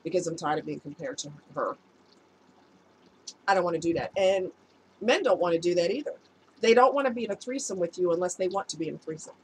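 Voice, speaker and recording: A woman's voice: on the low side, fast talker, long pauses, slight background noise, rough recording. A woman, an adult past her youth, telling a personal story to her viewers in a casual, chatty way and laughing at herself. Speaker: vlogger giving relationship advice.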